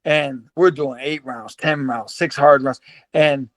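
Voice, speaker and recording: A former pro boxer in his fifties tells stories as a guest in a casual interview, animated, laughing often and repeating lots of words. His voice is mid-range, he takes it slowly, and there's no room sound.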